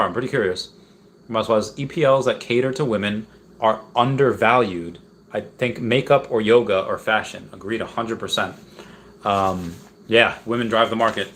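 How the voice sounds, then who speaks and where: A young man casually hosting a livestream, reading viewer comments in a relaxed, rambling way, with a sore throat from talking a long time. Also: lowish voice, a little hiss or hum. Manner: relaxed, rambling, frequent ums and restarts. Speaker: livestream host.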